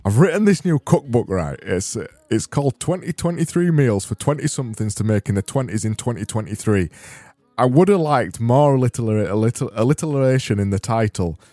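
A man's voice: medium pitch, expressive, fairly quick, mellow, dry recording, natural voice. A man voicing a self-described big, always-hungry Yorkshireman plugging his cookbook in a silly put-on Yorkshire accent, rambling and stumbling over his words. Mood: goofy pitching.

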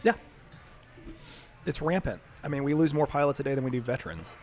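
A man's voice: medium pitch, fairly quick, a little mellow. Blunt, sarcastic man talking shop. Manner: blunt, sarcastic, swears freely. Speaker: pilot and former medic. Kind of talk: casual podcast chat.

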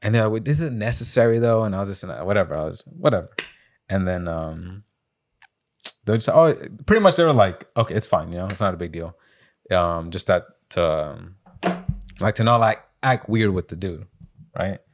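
A man's voice: low voice, lively intonation, normal speed, a little hiss or hum. A young man on a podcast, casually telling a story, acting out quotes in a raised voice and swearing often. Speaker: podcast co-host. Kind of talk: casual storytelling among friends.

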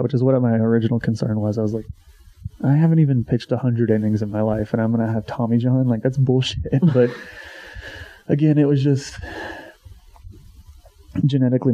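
A man in his twenties, a former college pitcher, casually telling a story, swearing freely and acting out what he once said. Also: mellow. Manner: swears freely, acts out his own past remarks. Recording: dull lo-fi sound.

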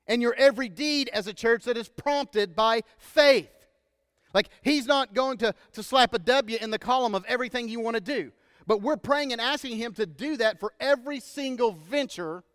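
A Texan-accented man preaches in a conversational way, stepping into casual asides and doubling back on his phrases. His voice sits high and sounds smooth and resonant. It is close and dry, with a long hall tail behind it in a church sanctuary. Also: fairly bright tone. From Texas. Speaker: pastor. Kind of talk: sermon.

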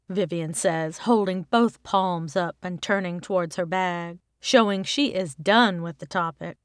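A woman from Texas, an author reading her own short story aloud in an even, clear way. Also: on the low side, a little slow, hardly any pauses, dry recording, studio quality. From Texas, United States. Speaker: author and narrator. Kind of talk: scripted storybook narration.

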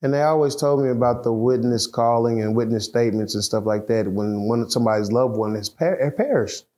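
A man telling a story in casual, profane, animated talk, acting out the voices of the people in it. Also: mid-range voice, brisk. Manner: profane, animated retelling, acts out quoted voices.

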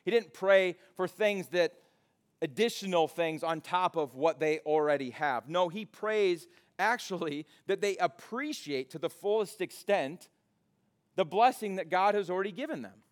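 A man preaching a sermon in a church, mixing scripture with casual storytelling and animated retellings. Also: high voice, moderate pace. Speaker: pastor. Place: church sanctuary.

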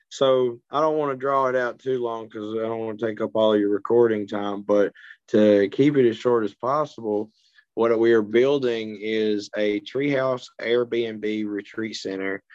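A man who speaks in a lowish, smooth, clear voice, easygoing and chuckling as he tells stories from his life. The sound is dry and close, with a slightly muffled, dull podcast quality. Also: measured pace, a little mellow, dry recording. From Arkansas, USA. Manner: easygoing, chuckles between points. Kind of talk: casual storytelling chat.

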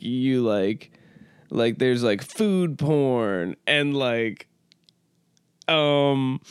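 A man's voice: medium pitch, clear, resonant tone, no room sound, clean studio sound. Rambling, crude male podcast host. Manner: rambling, filler-heavy, crude and joking. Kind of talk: casual comedic monologue.

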